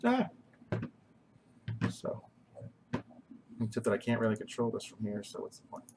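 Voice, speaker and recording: Against a noisy background, a man with a lowish, sing-song voice hosts a casual kitchen live stream at a moderate pace. He's goofy and rambling, making fun of himself and inventing joke songs.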